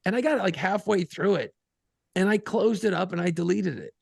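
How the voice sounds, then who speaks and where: A man co-hosting a podcast, telling a profane, animated story in casual banter and acting out other people's voices. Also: sits high, brisk, creaky, no echo, studio quality. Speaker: podcast co-host and radio program director.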